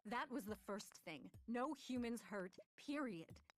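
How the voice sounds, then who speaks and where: A woman voicing a hoarse, defiant young woman who argues in a raised, insistent voice, read from an audiobook. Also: medium pitch, extremely slow, bright, forceful tone, slight background noise, heavily acted.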